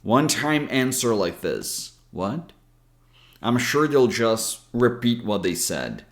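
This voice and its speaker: A man's voice: mid-range voice, very animated, slow pace. A man with an American accent, patiently explaining pronunciation in a recorded video lesson. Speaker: English pronunciation coach.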